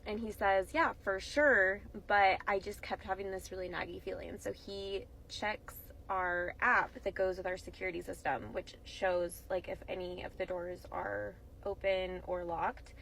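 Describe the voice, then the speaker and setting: Calm young mother telling a story. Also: lowish voice, normal speed, creaky, hardly any pauses, slight background noise, low-quality recording. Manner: calm and conversational, with soft fillers. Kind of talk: casual storytelling to camera.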